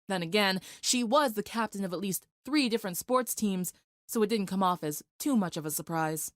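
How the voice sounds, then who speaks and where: A woman narrating a dramatic fan fiction story in a steady, vivid storytelling voice. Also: medium pitch, moderate pace, dry recording, clean studio sound.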